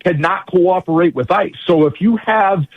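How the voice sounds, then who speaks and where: A man's voice: high-pitched, normal speed, no room sound. Blunt, emphatic man on a dull line. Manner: blunt, emphatic, repeats phrases for force. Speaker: guest legal commentator. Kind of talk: combative radio interview.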